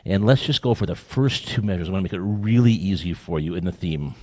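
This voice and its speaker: A man's voice: deep voice, lively intonation, quick pace, mellow. A man working as a guest clinician, giving live feedback to a student orchestra in an encouraging, playfully teasing way.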